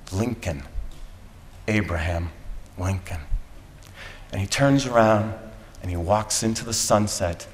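A man giving a graduation speech, telling a dramatic story with slow, deliberate pauses. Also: on the low side. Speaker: commencement speaker. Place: school graduation ceremony. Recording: echoey hall from a PA.

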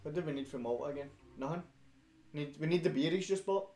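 A young Scottish man co-hosts a casual chat, laddish and sweary, laughing often. He talks fast with a fairly high but dark-toned voice. The room is echoey, with music playing behind him.

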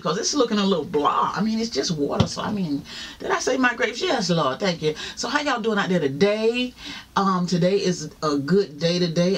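Sitting in a chair at home, a woman eats on camera for a mukbang vlog, chatting easily and addressing viewers directly. Her fairly low-pitched voice carries a slight hiss or hum, and she sprinkles in religious exclamations.

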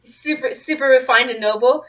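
A woman voicing a stately old male professor in a game playthrough, talking slowly and pompously. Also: high-pitched, muffled recording, crowd noise, lightly acted. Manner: slow, drawn-out and pompous.

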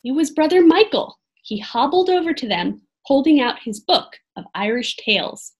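A woman reads a children's book aloud with a lively, animated voice that climbs high and drops low. She stops now and then for chatty, dramatic asides about the story. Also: normal speed. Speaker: reader.

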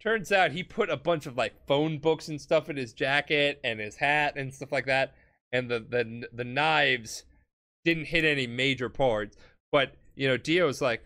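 A tipsy man rattles through a cartoon plot with a bright, forceful voice, swearing freely and jumping into the characters' lines. His pitch sits in the middle range, and he sounds loose and a little slurred. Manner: loose, sweary, acts out characters in quick snippets. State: drunk. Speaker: podcast co-host explaining an anime plot. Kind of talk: rambling comedic plot recap.

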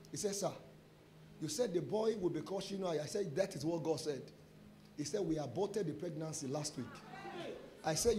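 Nigerian pastor, high voice, preaching testimonies, acts out all the back and forth. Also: male voice, fairly quick, a little hiss or hum. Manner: animated storyteller acting out dialogue; mixes in pidgin phrases. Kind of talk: sermon testimony.

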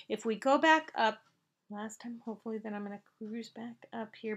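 A woman's voice: on the high side, a bit bright. A woman lectures through an accounting exercise step by step. Her delivery is casual and conversational, with asides and frequent "all right?" check-ins. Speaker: accounting instructor. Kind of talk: lecture walking through a problem.

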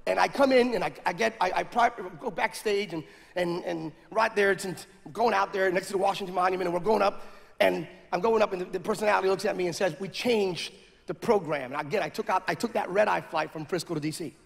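Animated male preacher, quick, high and gravelly, recorded in an echoey hall. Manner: animated, builds to shouting. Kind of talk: sermon storytelling. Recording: echoey hall with faint noise.

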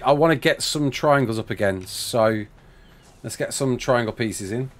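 A young man live-streaming a building game, chatting casually, reading out chat messages and talking himself through each step. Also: medium pitch.

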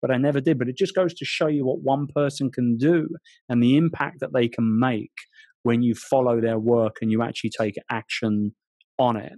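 A British man in his forties, an author guest telling animated stories in an interview, often restarting his sentences. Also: medium pitch, normal speed, no room sound, studio quality. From England. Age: 40s. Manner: animated storyteller, frequent restarts. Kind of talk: storytelling interview chat.

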